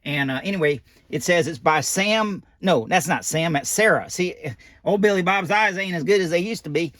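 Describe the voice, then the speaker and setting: A man's voice: high voice, normal speed, a bit bright, no echo. A man voicing a folksy old animatronic doll who reads a children's picture book aloud with rambling asides and loose grammar. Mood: chatty.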